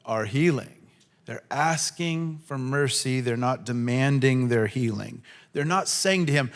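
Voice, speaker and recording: A male preacher delivering a sermon at an unhurried, deliberate pace. His talk is relaxed and conversational, with mid-range pitch, and he bursts into loud, high voices when acting out what people in the story say. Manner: conversational, acts out quotes with sudden high shouts. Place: church hall.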